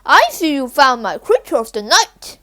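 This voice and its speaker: A woman's voice: high voice, sing-song, normal speed, bright, forceful tone, full character voice. A woman reading aloud, voicing an eccentric teacher in a bat costume who speaks in a spooky, dramatic way. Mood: theatrical.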